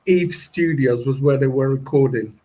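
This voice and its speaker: A man's voice: mid-range voice, normal speed, warm tone. A man hosting a podcast interview, easygoing and checking facts with his guest. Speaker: podcast host. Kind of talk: casual interview chat.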